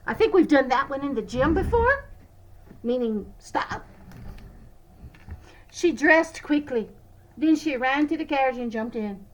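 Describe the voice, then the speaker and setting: A woman teacher reading a picture book aloud to children, expressive and sometimes stumbling over French words. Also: high voice, unhurried, pauses often, poor audio.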